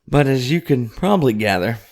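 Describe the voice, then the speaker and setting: A man co-hosting a casual podcast, joking and promoting the show in a loose, drawn-out way at a desk microphone. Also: medium pitch, animated, a little mellow. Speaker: podcast co-host. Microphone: studio microphone at a desk.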